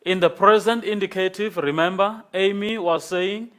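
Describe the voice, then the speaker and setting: A man lecturing a class, explaining slowly and patiently and checking in with "okay?". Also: sits high, steady tone, a bit bright.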